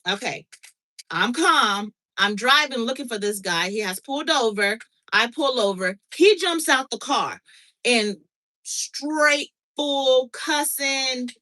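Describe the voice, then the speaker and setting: A middle-aged woman tells a story in a casual chat, her voice bright and a little high. She is animated, acts out the dialogue and keeps checking in with her listener. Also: takes it slowly, poor audio. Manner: animated, reenacts dialogue, frequent "okay?" check-ins. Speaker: podcast host.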